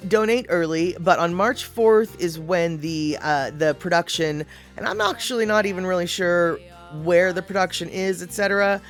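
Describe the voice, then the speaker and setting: A woman livestreaming, rambling casually and greeting viewers in the chat. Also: lowish voice.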